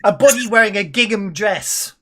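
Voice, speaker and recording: A man narrating as game master of a tabletop game, halting and restarting often with many fillers. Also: high voice, animated, pushed and bright.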